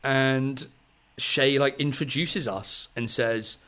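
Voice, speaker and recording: A man in his thirties, a podcast host telling a long story in a rambling, excitable way, full of fillers. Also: medium pitch, slow. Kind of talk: casual storytelling chat.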